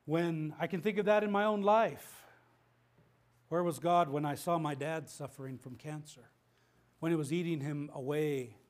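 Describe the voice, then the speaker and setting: A middle-aged male pastor preaching with a fairly high, lifting voice. He is impassioned, stumbling and restarting his phrases as he presses his point. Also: moderate pace. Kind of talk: sermon.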